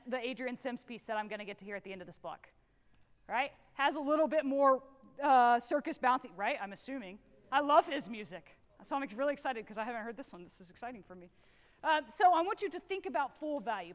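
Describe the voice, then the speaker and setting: Texan woman, guest conductor, high voice, energetic coaching, big theatre reverb. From Texas. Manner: energetic, encouraging, sings out phrases. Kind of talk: rehearsal clinic with student band. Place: large theatre stage. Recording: long hall reverb in a theatre.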